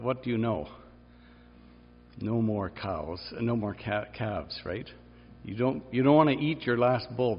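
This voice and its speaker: Animated male preacher in a reverberant hall. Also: husky. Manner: animated, acts out quoted cries in a high strained voice. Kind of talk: sermon. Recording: dull sound, long reverb in a large hall.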